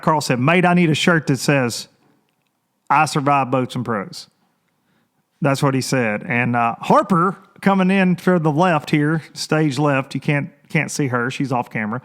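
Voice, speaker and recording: A man hosting a casual solo podcast, rambling and chatty, energetic, and often repeating his phrases. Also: a little high. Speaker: podcast host.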